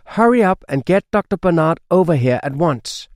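A man voicing an excitable, eager dog friend in a children's storybook. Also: a little high, normal speed, dry recording, clean studio sound, voice pushed up, lightly acted. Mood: urgent.

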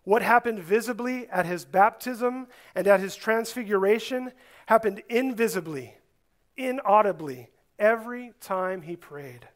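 A man preaching a sermon, earnest and deliberate, rising to stress some words and dropping low on others. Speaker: pastor.

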